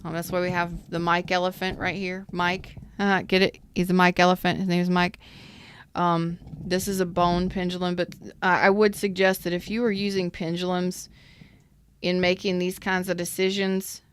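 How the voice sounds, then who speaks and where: A woman's voice: lowish voice, flat delivery, normal speed, a little hiss or hum. A woman giving a live tarot reading in a chatty, emphatic way and greeting viewers in the chat. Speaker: tarot reader.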